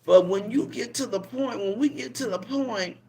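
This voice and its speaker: An older woman, a grandmother, hosting a casual livestream and lecturing viewers in a preachy, scolding way with drawn-out emphasis. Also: a little high, darkish tone. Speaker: livestream host.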